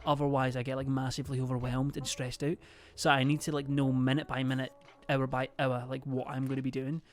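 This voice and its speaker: A man's voice: mid-range voice, level tone, a little fast. A young man, chatting casually to his stream in a rambling, hesitant way full of fillers and swearing.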